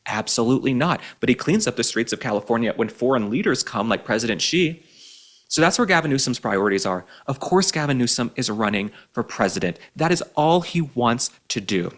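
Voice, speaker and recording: A man hosts a political commentary show at a mid-range pitch. He talks in a sarcastic, combative way and keeps mocking his target. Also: lively intonation, brisk, a bit bright.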